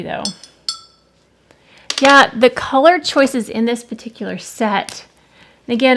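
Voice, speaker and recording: A woman hosting an art channel, chatting casually and rambling a little as she swatches watercolors at her desk. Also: a little high. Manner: musing, rambling, self-correcting. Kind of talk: casual talk while swatching paints. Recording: faint background noise with clicks.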